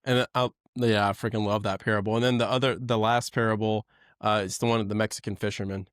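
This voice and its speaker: Animated man telling stories on a podcast. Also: lowish voice, fast, clean tone, no echo, clean studio sound. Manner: animated storyteller, acts out quoted voices. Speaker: podcast co-host. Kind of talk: casual podcast chat.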